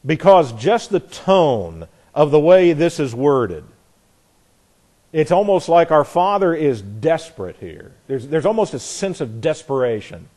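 Man, Bible class teacher, fairly high voice, earnest, emphatic, repeats phrases, restarts sentences. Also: very animated, unhurried, warm tone. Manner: frequent restarts and self-corrections.

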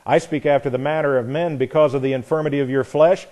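A male preacher with a slightly higher voice, teaching through scripture in an earnest, emphatic way. He reads verses aloud and often restarts his sentences as he presses his point. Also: steady tone, quick pace, warm tone. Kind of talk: sermon, Bible teaching.

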